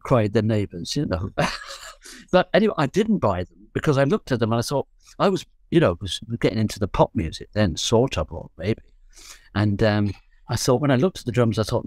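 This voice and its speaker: A guest musician from London, now in his seventies, looks back on his youth with rambling, jokey storytelling full of self-corrections. His medium-pitched voice is expressive, fairly quick and slightly mellow, captured in a dry, clean studio recording.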